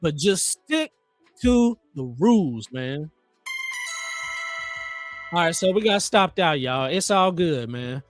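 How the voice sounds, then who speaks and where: A man hosting a live trading stream, chatting casually in an animated, joking, motivational way. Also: on the high side, slow pace, long pauses, soft background music. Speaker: trading livestream host.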